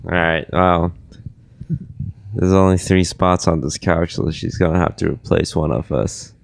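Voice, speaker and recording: Deep gravelly man losing his voice. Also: fairly even intonation, unhurried, no echo. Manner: rambling, self-deprecating, reads ad plugs casually. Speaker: podcast host. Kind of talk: casual podcast chat.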